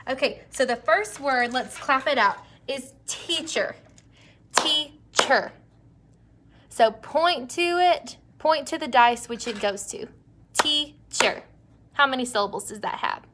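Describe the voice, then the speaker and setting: A young woman teacher leading an early-grade phonics lesson, stretching out words slowly and praising the children. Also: high voice, animated, heavy background noise. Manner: slow, drawn-out word modeling, encouraging.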